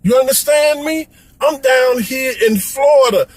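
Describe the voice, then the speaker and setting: A man's voice: extremely high pitch, unhurried, no room sound, low-quality recording. A middle-aged man from Chicago, delivering an impassioned, pleading rant as a vlogger and repeating "come on, man.". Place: Florida.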